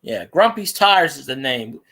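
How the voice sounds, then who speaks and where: A man's voice: medium pitch, sing-song, unhurried, sharp tone. A man joking and wisecracking in a casual livestream chat.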